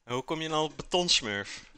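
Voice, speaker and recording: A Dutch-accented man chats casually through a live cooking stream, talking unhurriedly. His voice is sharp and bright, recorded close and dry with no room sound. He reads out viewers' messages and answers them while he eats. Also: medium pitch, smooth, dry recording. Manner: chatty, reads out and answers chat while eating; talks with mouth full.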